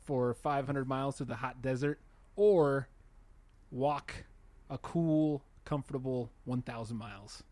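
Man, mid pitch, dry sound, casual chat, jokey, thinks aloud. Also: unhurried, dry recording. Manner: jokey, reasons out loud.

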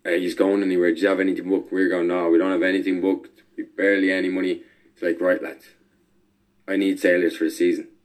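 Chef guest: a deep-voiced man recounting travels, easygoing and chatty. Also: flat delivery, quick pace. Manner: easygoing, chatty, laughs while telling stories. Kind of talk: casual storytelling.

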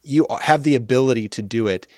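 An earnest man talks things through in a relaxed interview, pausing on fillers and restarting his sentences as he thinks. His voice sits in a middle range and sounds dry and close, with little room around it. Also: mid-range voice, no room sound. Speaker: guest. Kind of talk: casual conversational explaining.

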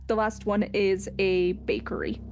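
A woman's voice: medium pitch, level tone, measured pace, creaky, a little mellow, slight background noise. Woman running a tabletop game. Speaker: game master.

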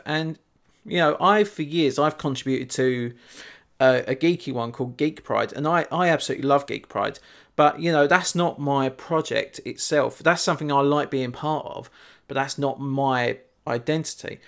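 A man hosting a podcast in casual chat. He tells stories in a lively way and swears casually. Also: medium pitch, moderate pace, vocal fry. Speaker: podcast host.

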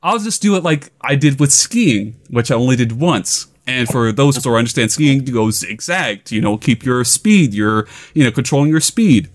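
A young man casually telling a funny personal story, laughing often and acting out his own yelling. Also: medium pitch, animated, normal speed, hardly any pauses.

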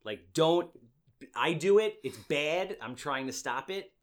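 A man's voice: a little high, expressive, unhurried. A man in his thirties with a New York accent, hosting a casual podcast chat in a brash, joking way that is full of swearing. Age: 30s. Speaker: podcast host.

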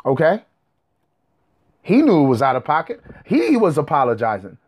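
A man's voice: on the high side, huge pitch swings, normal speed, breathy edge. A young man talking straight to his audience in a heated, profane, combative rant. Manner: profane, combative, rising to angry outbursts. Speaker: commentator.

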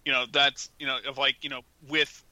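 A man's voice: mid-range voice, level tone, fairly quick, sharp tone, dry recording, rough recording. A man co-hosting a casual podcast, talking in a rambling way full of filler words. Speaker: podcast co-host.

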